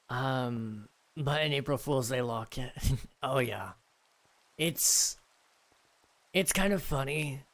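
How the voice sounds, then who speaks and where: A man's voice: mid-range voice, a bit bright. A man casually chatting with his viewers on a live stream, rambling and joking with lots of fillers. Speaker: streamer reading chat.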